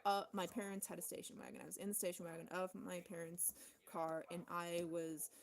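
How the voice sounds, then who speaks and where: A woman talking in an unscripted personal vlog monologue. She rambles with heavy swearing and many fillers, swinging between low, fast murmuring and loud, intense outbursts. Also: level tone, vocal fry. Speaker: vlogger.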